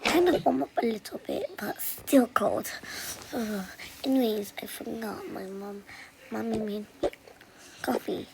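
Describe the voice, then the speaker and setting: A woman telling a role-play story over a game in a slow, sighing, half-whispered way. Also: on the high side, gravelly. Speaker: channel host. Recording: noisy, hissy home recording.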